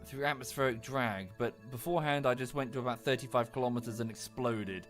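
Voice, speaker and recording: A man's voice: mid-range voice, a little fast, fairly bright tone, faint music behind. Man streaming, chatty and self-mocking. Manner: chatty, self-mocking, coos baby talk at his dog. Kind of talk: casual game commentary.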